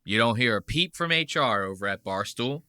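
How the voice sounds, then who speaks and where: Guy hosting a podcast, rambly and crude, lots of "like", bright forceful tone. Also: mid-range voice, lively intonation, moderate pace, smooth, no room sound. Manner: rambling, profane, heavy with "like". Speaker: podcast host. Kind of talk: casual commentary on clips.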